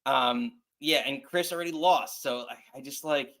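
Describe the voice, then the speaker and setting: A man's voice: medium pitch, moderate pace, fairly bright tone. A man hosting a casual wrestling podcast, running the segues and asking his co-host for picks. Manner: upbeat, moves the show along with segues.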